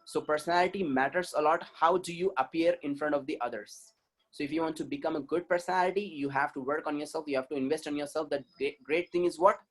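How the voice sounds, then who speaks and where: Delivering a webinar as a communication trainer, an Indian-accented man talks fast in a fairly high voice. He hammers his points home through repetition and constantly asks his listeners rhetorical questions.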